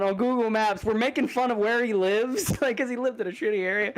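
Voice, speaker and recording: A man's voice: high voice, fairly quick, hardly any pauses. A man co-hosting a podcast, telling a story in casual chat, laughing, swearing and restarting his sentences. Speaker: podcast co-host.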